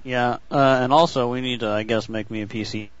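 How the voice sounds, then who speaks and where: A young man on a podcast who tosses in dry wisecracks between the others' stories. His mid-pitched voice is recorded close and dry, with a dull lo-fi sound. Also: steady tone, brisk, dry recording. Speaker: podcast co-host. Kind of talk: casual chat.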